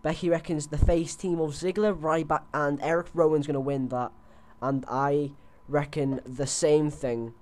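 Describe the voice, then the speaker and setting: A young man talks casually into a headset, rambling with frequent fillers and restarts. His voice sits somewhat high for a man. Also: steady tone, moderate pace, few pauses, darkish tone, a little hiss or hum. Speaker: host. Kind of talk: casual wrestling predictions chat.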